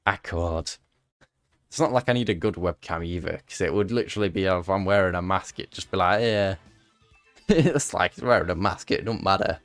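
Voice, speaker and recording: A young man rambling casually to chat while streaming a game, self-mocking and prone to voice cracks. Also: low voice. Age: young adult.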